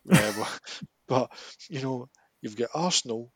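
A Scottish man co-hosting a podcast in casual chat, animated and emphatic, laughing often as he rants. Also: mid-range voice, measured pace, a crowd in the background. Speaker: podcast co-host.

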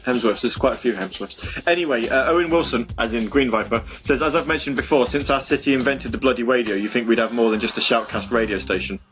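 A man's voice: medium pitch, quick pace, few pauses, fairly bright tone, soft background music. Rambling man hosting online radio. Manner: rambling and self-mocking, full of fillers and restarts. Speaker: online radio show host. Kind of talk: casual chat with listeners between songs. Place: home room.

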